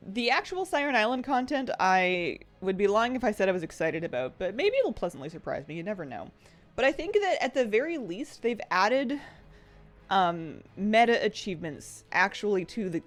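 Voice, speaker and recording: A woman streaming from a dim room at home, chatting casually and giggling, sometimes slipping into a baby voice for her pets. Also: on the low side. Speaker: game streamer. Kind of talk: casual live-stream chat.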